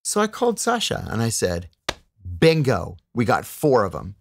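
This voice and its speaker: A man's voice: fairly low pitch, fairly quick, creaky, a little hiss or hum. A middle-aged man, a former intelligence officer, telling an anecdote in a podcast interview and acting out the dialogue as he goes. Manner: animated storyteller who acts out quoted dialogue.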